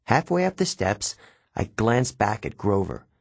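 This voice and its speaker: A man narrating a first-person novel with expressive, wry storytelling, recorded close on a studio mic. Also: on the low side, unhurried, creaky, dry recording. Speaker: audiobook narrator.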